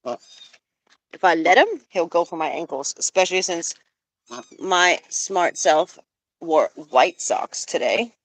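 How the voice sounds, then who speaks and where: A young woman cooing and baby-talking to her pet geese in an unhurried, drawn-out way, chatting to viewers as she streams. The sound is dry and close, from a phone held outdoors. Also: fairly low pitch, no room sound. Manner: cooing baby talk to birds. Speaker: pet goose keeper streaming live. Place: outdoors with geese and other animals.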